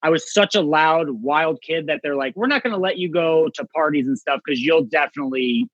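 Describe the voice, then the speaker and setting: A male comedian telling a story in casual chat, animated and acting out voices with big jumps in pitch. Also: brisk, dry recording, highs cut off.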